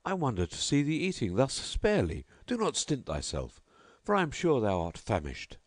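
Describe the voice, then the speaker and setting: A man's voice: medium pitch, wildly swooping pitch, normal speed, no room sound, studio quality, pitched above the performer's own voice. A man voicing a lavish, mocking nobleman host who presses his guest with grand, insistent hospitality. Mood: grandly insistent.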